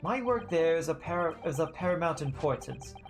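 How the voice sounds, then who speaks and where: A streamer doing a pompous gentleman suspect. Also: medium pitch, animated, moderate pace, soft background music, natural voice. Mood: haughty. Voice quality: stiff, formal, self-important delivery. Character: pompous haughty middle-aged gentleman suspect. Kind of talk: voicing a text game character.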